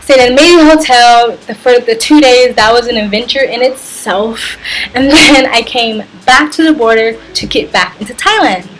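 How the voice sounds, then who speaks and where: A woman's voice: fairly high pitch, normal speed, a little hiss or hum. A young woman telling a travel story on her vlog, acting out the dialogue and filling it with "like". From United States. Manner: animated retelling, heavy use of "like". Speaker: travel vlogger.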